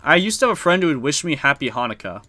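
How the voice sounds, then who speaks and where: A man's voice: a little high, big pitch swings, quick pace, pushed and bright. Laid-back swearing male game streamer. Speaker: streamer playing a strategy board game. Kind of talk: casual live-stream commentary.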